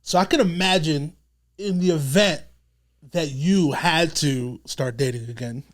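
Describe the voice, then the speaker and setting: A man's voice: fairly high pitch, measured pace. A man hosting a podcast in casual chat, asking questions and laughing easily. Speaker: podcast host.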